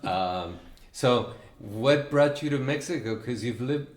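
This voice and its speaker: A man's voice: mid-range voice, expressive, slow, reverberant. A man hosting an interview, prompting his guest with short questions and encouraging remarks.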